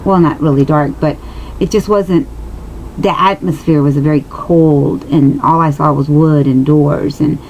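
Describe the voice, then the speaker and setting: Woman vlogger, low-pitched, earnest personal storytelling, lots of restarts and asides, faint background hiss. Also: steady tone, a little slow, darkish tone, rough recording. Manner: rambling, with many restarts and asides to viewers; earnest and emotional. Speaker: vlogger answering viewers.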